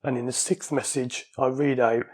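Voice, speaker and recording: A man with a husky, slightly breathy voice at a middling pitch tells stories about his own experience in a chatty way, often laughing along. The sound is recorded at home on a small dictaphone. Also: level tone, normal speed. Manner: chatty, anecdotal, laughs while telling stories. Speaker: vlogger sharing his surgery experience. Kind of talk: casual storytelling to camera. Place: at home, indoors.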